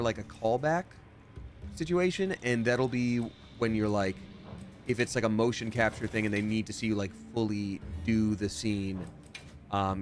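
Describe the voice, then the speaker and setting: A man's voice: on the low side, a little hiss or hum. A young man chatting casually while playing a game on a livestream, rambling and answering viewers' questions from his home setup. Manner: chatty, rambling, reads chat aloud. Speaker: streamer and voice actor. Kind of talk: casual livestream gameplay chat.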